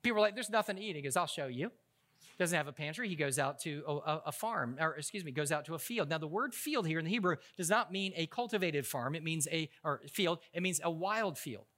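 A man's voice: fairly high pitch, animated, fast talker, few pauses, a bit bright. A man preaching a sermon as a pastor, telling funny stories in a casual, conversational way and often stopping to restart his sentences. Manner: humorous, conversational storytelling with frequent restarts.

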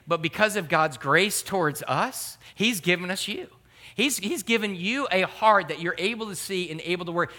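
A man's voice: a little high, sharp tone. A middle-aged man, a pastor, giving an earnest, emphatic sermon.

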